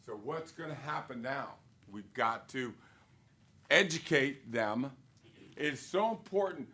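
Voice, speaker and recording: A man's voice: medium pitch, lively intonation, slow pace, pushed and bright. Emphatic man coaching real estate agents. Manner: emphatic, punchy, full of rhetorical questions. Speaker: brokerage leader training real estate agents. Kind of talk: live sales training talk. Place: corporate studio.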